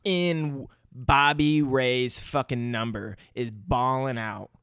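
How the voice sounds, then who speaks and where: A man's voice: medium pitch, steady tone, slow pace, a bit bright, smooth, no room sound, studio quality. Laid-back swearing man on a podcast. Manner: laid-back, swears a lot, laughs along. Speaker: podcast co-host. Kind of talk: casual movie recap chat.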